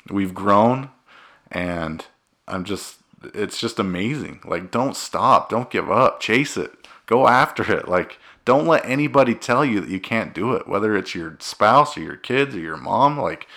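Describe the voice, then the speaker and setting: A deep-voiced man in his thirties, from Utah, co-hosting a casual podcast. He talks earnestly and with feeling, rambling and restarting as he goes. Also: expressive, moderate pace, gravelly, fairly bright tone. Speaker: podcast co-host.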